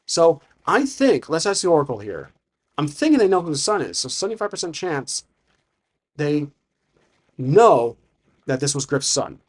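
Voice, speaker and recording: A man's voice: on the high side, very animated, moderate pace, pauses often, slightly rough. A man narrating a solo tabletop campaign as game master, thinking aloud with frequent restarts.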